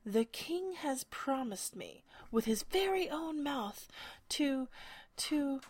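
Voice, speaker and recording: Female reader doing a huffy, boastful egg-shaped gentleman on a wall, storybook voice. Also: sits high, animated, slow, pitched above the performer's own voice. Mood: pompous. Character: pompous touchy egg-shaped man on a wall. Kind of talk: storybook reading.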